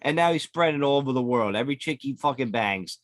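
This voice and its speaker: Brief: podcast host, man, average pitch, blunt and foul-mouthed, dry close mic. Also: expressive, quick pace, no room sound. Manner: blunt, heavily profane ranting. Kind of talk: casual podcast chat.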